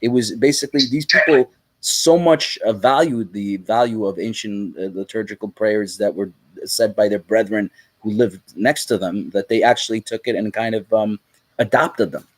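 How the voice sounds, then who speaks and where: Lower-voiced American man hosting. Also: normal speed, no echo, poor audio. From United States. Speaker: interview host. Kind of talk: conversational interview.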